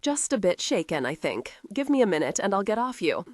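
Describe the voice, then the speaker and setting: A woman's voice: mid-range voice, big pitch swings, brisk, darkish tone, no room sound, clean studio sound. A woman voicing a brave, blunt young woman in an audiobook. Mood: earnest.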